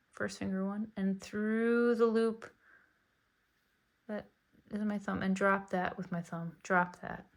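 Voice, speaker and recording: A woman talking slowly through a beginner knitting lesson, calm and unhurried. She is chatty and encouraging as she explains each step of the cast-on. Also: medium pitch. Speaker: knitting teacher. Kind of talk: casual tutorial narration.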